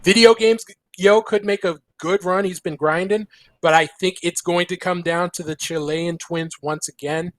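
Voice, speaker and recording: A man co-hosting a live fighting-game show on a convention floor, giving measured predictions. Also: sits high, steady tone, dry recording. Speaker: co-host. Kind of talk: live event commentary, making predictions. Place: large indoor convention hall floor.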